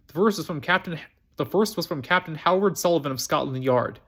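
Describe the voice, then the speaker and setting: A man reading a novel aloud on his own storytime channel, pitched a little high. He stumbles often, restarts words and repeats phrases as he goes. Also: lively intonation, fairly quick, a bit bright. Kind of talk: amateur book reading.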